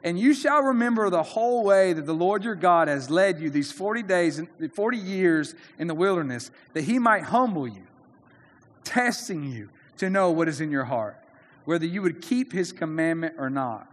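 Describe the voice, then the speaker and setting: A man's voice: high-pitched, animated, moderate pace, long reverb tail. A man preaching a sermon in an earnest, conversational way, often restarting his sentences. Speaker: pastor.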